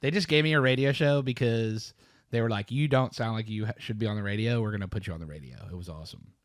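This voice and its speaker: A man hosting a podcast, tossing in quick, lively replies in casual chat. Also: lowish voice, no echo, clean studio sound. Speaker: podcast host.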